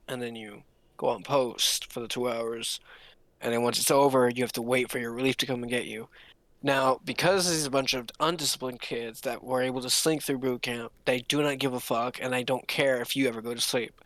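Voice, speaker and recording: A young man telling a long story casually, rambling with restarts and pitching up to mimic others. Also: steady tone, moderate pace, a bit bright, no echo. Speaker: podcast co-host. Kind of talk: casual storytelling among friends.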